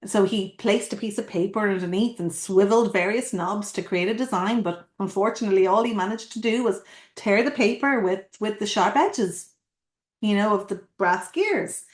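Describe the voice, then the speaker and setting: A woman's voice: medium pitch, moderate pace. A woman coach giving a playful motivational talk, asking listeners questions and telling a story. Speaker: coach and academy founder. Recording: roomy echo.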